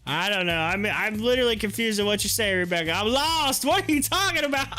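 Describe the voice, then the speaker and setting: A man with an Ohio accent chats loosely on a live stream, rambling from point to point and laughing often. His voice is bright and forward, with faint music playing under it. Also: high voice, expressive, fast. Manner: rambling, chatty, laughs often, drags out words. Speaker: stock market live stream host. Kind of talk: casual live-stream chat.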